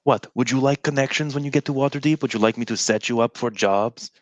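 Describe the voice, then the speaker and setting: A man's voice: lowish voice, lively intonation, a little fast, gravelly, no echo. A man voicing a testy, sarcastic male adventurer in a tabletop role-play, grumbling complaints in character. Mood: exasperated.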